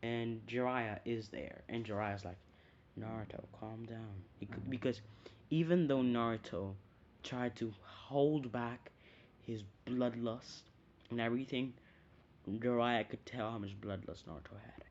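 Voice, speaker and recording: A man rambles through a fan story in a casual, unscripted way, pausing to fix his own mistakes. His voice sits at an ordinary middle pitch. The home recording sounds dull and lo-fi. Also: a little mellow, a little hiss or hum. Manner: rambling, hesitant, often corrects himself.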